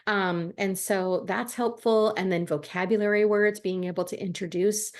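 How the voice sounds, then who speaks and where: Chatty woman reading tutor, mid pitch. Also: fairly even intonation, normal speed. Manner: chatty, friendly, many ums and restarts. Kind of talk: casual advice talk to camera.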